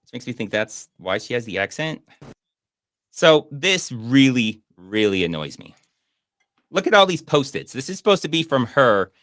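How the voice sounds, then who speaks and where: A man's voice: mid-range voice, sing-song, moderate pace, a bit bright, no room sound, studio quality. A man hosting a casual movie review show, making sarcastic, mocking comments about a film. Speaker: podcast host and movie reviewer.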